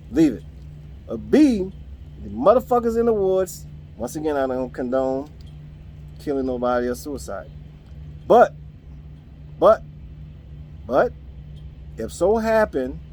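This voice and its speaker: A man's voice: on the high side, darkish tone, slight background noise. A man, the host of a podcast, ranting in a casual, profane way about his coworkers. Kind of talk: casual rant.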